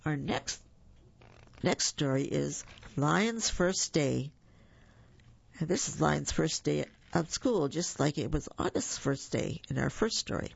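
A storyteller reading children's stories aloud, with gentle chatty asides to the listeners. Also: medium pitch, lively intonation, slow, vocal fry, breathy edge, no echo. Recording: muffled lo-fi recording.

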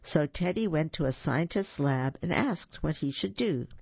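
A storyteller reading a children's picture book aloud, animated and warm, with small slips. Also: mid-range voice, unhurried, gravelly, husky, dry recording, lo-fi sound. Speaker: storybook reader.

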